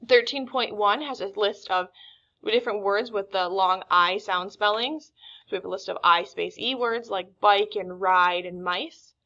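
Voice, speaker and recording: A woman teaching a recorded phonics lesson, reading words slowly and deliberately. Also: medium pitch, steady tone, bright, forceful tone, muffled recording. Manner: slow, deliberate word-by-word reading.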